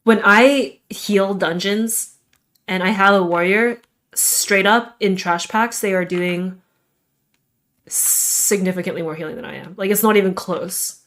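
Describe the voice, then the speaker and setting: Chatty young woman streamer, rambling and self-deprecating, mid pitch, casual stream talk. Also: measured pace, a bit bright.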